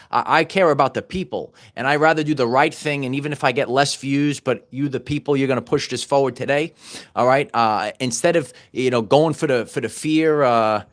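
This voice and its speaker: A middle-aged man hosting his own channel, preaching in a loose, repetitive monologue full of stumbles and restarts. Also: medium pitch. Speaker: channel host. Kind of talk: off-the-cuff motivational monologue.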